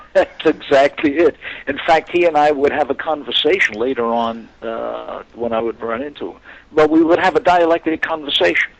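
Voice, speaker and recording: An older man, a guest actor, telling lively anecdotes in an interview and acting out the voices of people he quotes. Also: on the high side, moderate pace, gravelly, rough recording. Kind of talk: storytelling interview chat.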